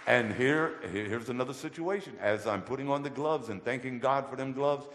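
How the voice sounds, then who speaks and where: A man telling his testimony as a guest in a church, colloquial and animated. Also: mid-range voice, fairly quick, slight background noise. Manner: animated, colloquial, acts out voices in his stories. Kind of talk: storytelling testimony. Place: church hall. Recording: echoey church hall with long reverb.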